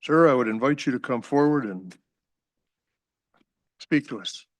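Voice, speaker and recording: Board chairman: a man, measured formal delivery, middle pitch, dry sound. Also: expressive, no room sound. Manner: measured, formal, reading figures aloud. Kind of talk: chairing a public meeting. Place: government hearing room.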